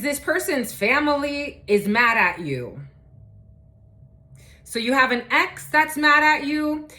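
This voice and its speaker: A woman's voice: medium pitch, pushed and bright. A woman giving a casual, chatty collective tarot reading, cursing freely and using many fillers. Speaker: tarot reader.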